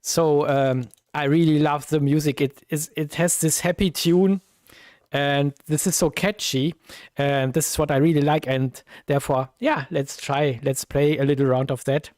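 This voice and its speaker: A man with a German accent, chatting slowly while he plays old computer games on a live stream, full of fillers and sudden cries at the game. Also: on the high side, steady tone, a little mellow, dry recording, clean studio sound. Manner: slow, thinking aloud with many fillers, bursts of exclaiming at the game. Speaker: retro gaming streamer. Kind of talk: casual live-stream commentary.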